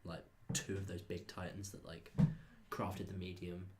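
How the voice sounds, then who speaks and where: A man co-hosting a casual film podcast, chatty and quick to swear and laugh out loud. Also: low-pitched, level tone, over loud music. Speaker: podcast co-host.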